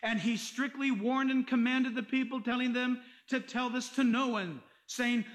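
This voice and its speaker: This male pastor's sermon is animated and emphatic, with quick jokes and scripture read aloud between his points. His voice is very high for a man.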